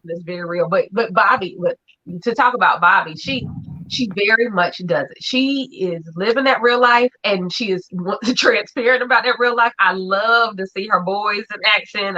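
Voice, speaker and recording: A woman hosting a relaxed conversation, gushing and animated as she talks. Her voice is bright and forward. The sound is a little dull and lo-fi. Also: mid-range voice, normal speed. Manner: effusive and animated. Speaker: host. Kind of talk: casual chat. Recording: dull lo-fi audio.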